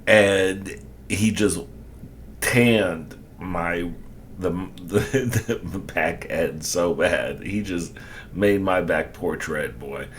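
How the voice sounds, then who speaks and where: Man, very deep voice, slow drawl, chuckling, reaction commentary, faint low rumble. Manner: drawn-out, chuckling storytelling with exclamations. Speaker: reaction video host. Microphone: desk microphone.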